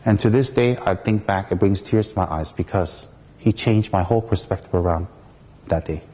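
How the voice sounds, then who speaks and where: A man from the United States, a Buddhist teacher, giving a dharma talk through a lively personal story in which he acts out the people in it. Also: deep voice, normal speed, long reverb tail.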